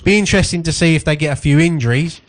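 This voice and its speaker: This man talks fast in a voice on the high side and has a Cockney accent. Co-hosting a radio show, he chats about football in a relaxed, jokey manner.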